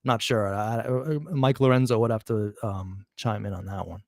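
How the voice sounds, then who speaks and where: This man's voice is fairly low and creaky, a little mellow, with a steady tone at normal speed, in a dry studio-quality recording. Hosting a true crime commentary, he reads letter passages aloud and mocks his critics amid chuckles and restarts.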